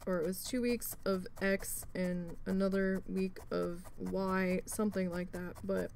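A woman's voice: lowish voice, level tone, measured pace, vocal fry, a little mellow, a little hiss or hum. A woman vlogger chatting casually while she needle felts, rambling and venting with free swearing. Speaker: crafting vlogger.

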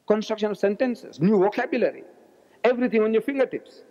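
A man in his seventies lectures with a loud, roaring delivery and a rather high voice. The sound is an old, dull archive recording with a long echo from a large hall. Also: lively intonation, quick pace. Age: 70s. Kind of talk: public lecture.

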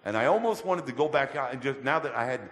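Speaking fast at a medium pitch, a man shares his testimony as a church guest, acting out the voices of people in his stories. The telling is colloquial and animated, and the church hall adds long, echoing reverb.

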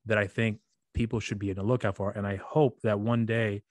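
A man's voice: on the low side, flat delivery, a little fast, no echo. A man in his thirties hosting a casual interview, telling stories in rambling runs with many restarts. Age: 30s. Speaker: podcast host.

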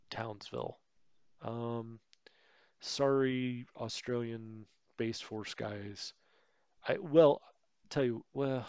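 A man's voice: mid-range voice, takes it slowly, gravelly, darkish tone, no echo. A man giving casual, rambling commentary over a strategy game he plays, often correcting himself and chatting in asides. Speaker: let's play host.

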